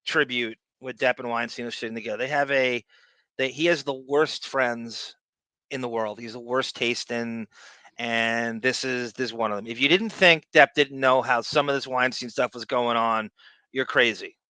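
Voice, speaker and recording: A man's voice: medium pitch, steady tone, normal speed, sharp tone, dry recording, poor audio. A man co-hosting a podcast, speaking in a sarcastic, profane ranting manner during casual commentary. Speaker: podcast co-host.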